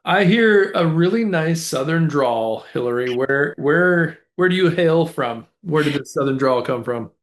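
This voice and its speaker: A man's voice: a little high, animated, a little slow, few pauses. Easygoing male podcast host. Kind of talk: casual podcast interview.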